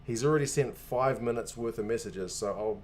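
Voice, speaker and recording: A man's voice: mid-range voice, normal speed, a little mellow. Man venting in casual chat. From New Zealand. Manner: venting, sarcastic asides. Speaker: stream host.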